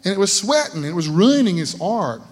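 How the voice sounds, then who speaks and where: A man's voice: sits high, big pitch swings, moderate pace. A middle-aged man, giving a sermon testimony as folksy stories that keep checking in with his listeners. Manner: folksy storytelling, often asks "you know what I'm talking about". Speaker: lay speaker at a church service. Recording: reverberant church hall.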